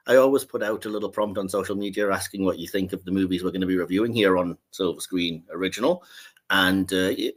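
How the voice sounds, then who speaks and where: Rambling male podcast host. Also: fairly low pitch. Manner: rambling, many filler words and restarts. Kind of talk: casual podcast chat.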